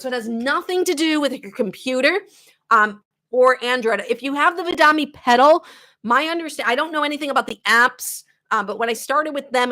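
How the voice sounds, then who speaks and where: A guitar teacher from the Boston area, with a light Boston accent, chats casually with viewers in a live-stream Q&A and laughs often. Her voice is fairly high-pitched with a fairly bright tone.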